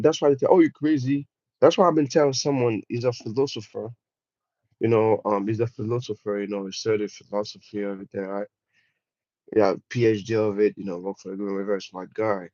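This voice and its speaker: A man with a French accent gives a motivational livestream talk, pressing his points emphatically and repeating them. His voice sits low. The sound is dull and dry, like a lo-fi home setup. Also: a little mellow, no room sound. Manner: emphatic, repetitive, addresses viewers as guys. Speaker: livestream host.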